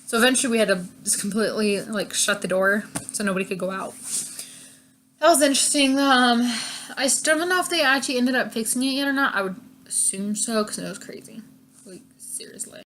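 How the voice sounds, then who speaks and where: A young woman with a bright, fairly high voice chats through stories about her first job. She talks casually, packs her sentences with fillers, and laughs often. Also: fairly quick, slight background noise. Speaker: vlogger. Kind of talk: casual storytime chat.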